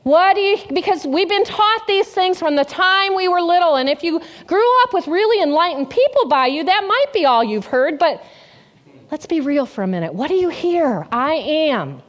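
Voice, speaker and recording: A woman's voice: very high-pitched, animated, normal speed. A woman pastor giving an interactive sermon in a church, asking the congregation questions and repeating their answers back. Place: church sanctuary.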